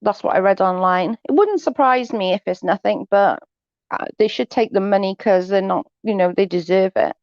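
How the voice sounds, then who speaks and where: A woman talks through a casual livestream, blunt and gossipy with sarcastic asides. Her voice sits at a middling pitch. The sound is dull and dry, as from a simple home mic. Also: moderate pace, a little mellow, no echo. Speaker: livestream host reading viewer chat. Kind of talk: casual chat.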